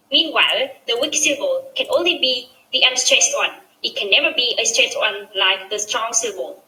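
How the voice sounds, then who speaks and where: A young woman with a Vietnamese accent guides the listener through a class presentation, step by step. Her voice is very bright and slightly high. It rings in an echoey room with a faint background hum. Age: young adult. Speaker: student presenter.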